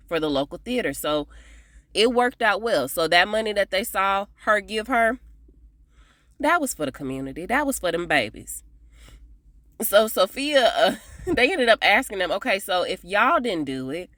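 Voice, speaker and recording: A woman's voice: fairly low pitch, no room sound. Chatty woman recapping a TV episode. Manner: chatty, animated, often laughs, addresses viewers as y'all. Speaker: TV episode reviewer.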